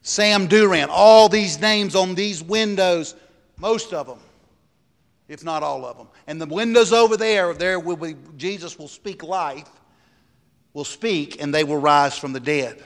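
A man's voice: high-pitched, a little slow. A pastor preaching a sermon, stressing his points and asking the congregation rhetorical questions. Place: church sanctuary. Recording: long hall reverb.

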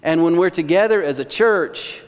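A man's voice: fairly high pitch, normal speed, clean tone. A male pastor preaching a sermon in a conversational, storytelling manner, recorded in a church sanctuary. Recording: long church reverb.

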